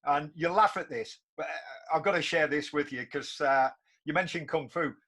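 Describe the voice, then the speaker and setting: A man in his fifties, from North East England, with a voice on the high side and a fairly bright tone, talking at a moderate pace. As a podcast host in a casual conversational interview, he tells stories chattily and repeats himself a lot.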